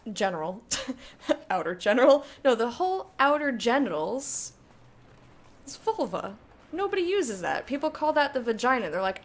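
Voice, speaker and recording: A young woman talks casually over her game stream, reading chat aloud and answering it bluntly with plenty of swearing and laughter. Her voice sits a bit high and swings widely in pitch as she reacts. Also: big pitch swings, moderate pace. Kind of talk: casual live-stream chat while gaming.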